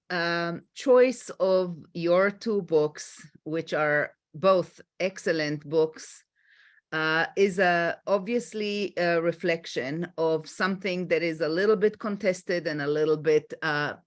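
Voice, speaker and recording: Slow, low-voiced Israeli woman moderating. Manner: slow, halting, many fillers. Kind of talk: moderating a panel discussion.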